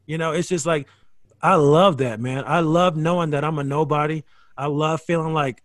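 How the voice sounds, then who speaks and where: A man, a stand-up comedian, telling stories in a casual podcast chat, animated, swearing freely and restarting his sentences. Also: a little high, moderate pace, dry recording, studio quality. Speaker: guest comedian.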